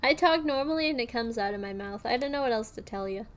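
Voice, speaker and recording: Young girl streamer just chatting, kinda high voice, rambly, lots of um and like. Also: lively intonation, quick pace, slight background noise. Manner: rambling, many fillers and restarts. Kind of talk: casual chat on stream.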